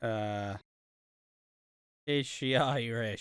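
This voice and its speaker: A man talking on a podcast in a bright, crisp voice, sweary and rambling, breaking into laughs. The sound is dry and close, with no room around it. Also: mid-range voice, expressive, a little slow, no room sound. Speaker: podcast co-host reviewing a soap. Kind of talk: casual podcast chat.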